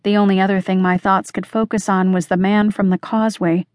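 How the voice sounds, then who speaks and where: A woman narrates a first-person mystery audiobook in a measured, expressive voice. Her pitch sits in an ordinary middle range, and the recording is close and dry, with no room sound at all. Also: dry recording.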